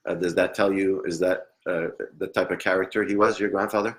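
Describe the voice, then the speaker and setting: A man's voice: sits low, steady tone, brisk, hardly any pauses. A man working as a psychic medium during a live online reading, hesitant and apologetic, laughing often and trailing off into murmurs. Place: at home at a computer.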